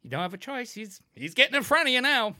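A man in his thirties from New England, telling profane, animated road stories in a casual chat and shouting the lines he quotes. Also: extremely high pitch, fast, no room sound, clean studio sound.

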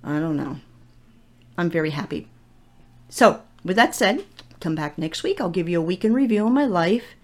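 A woman's voice: fairly low pitch, animated, normal speed, long pauses. A middle-aged woman chatting through her solo podcast from her home office mic, a self-mocking storyteller. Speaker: podcast host. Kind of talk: casual solo podcast monologue. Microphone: desk podcast microphone.

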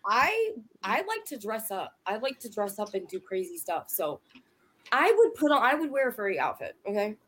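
A woman in her thirties co-hosting a podcast, excitable and playful in casual banter. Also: mid-range voice, normal speed. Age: 30s. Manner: excitable, playful, talks over others. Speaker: podcast co-host.

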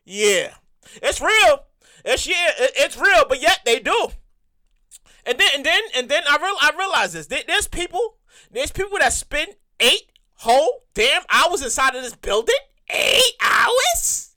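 A woman rants her way through a casual story for her viewers. Her voice sits high and jumps all over the place, and her tone is sharp and bright. She repeats herself, curses freely and sounds fed up. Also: a little slow. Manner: animated, repetitive, swears freely, exasperated. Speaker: vlogger telling a work story.

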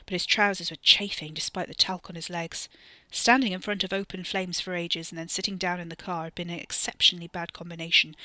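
Bright, dry storytelling narrator. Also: mid-range voice, no echo. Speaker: narrator and author. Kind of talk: scripted horror story narration.

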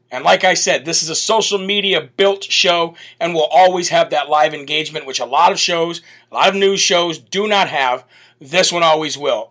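An American man with a bright, forceful voice, pitched a little high, hosts a live show. He reads out viewer comments and gives upbeat, chatty shout-outs, thanking people one by one. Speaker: host.

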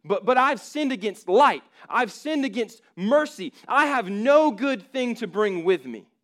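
A man's voice: extremely high pitch, lively intonation, unhurried, a bit bright, voice pushed up, full character voice. A man reading the part of a guilt-laden sinner who protests that he is unworthy, urgent and pleading.

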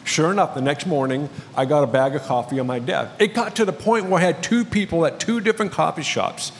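A man's voice: on the high side, a little fast, a little hiss or hum. A male pastor preaching a sermon, telling a story with light humor. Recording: long reverb of a large hall.

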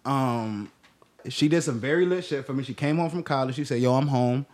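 A young man co-hosting a casual podcast, rambling through a profane story in animated chat. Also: medium pitch, brisk. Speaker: podcast co-host.

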